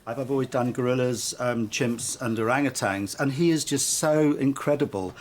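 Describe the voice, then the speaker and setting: A man's voice: medium pitch, moderate pace, a little hiss or hum. A man working as an animal keeper, talking casually in an interview, hesitant and full of restarts.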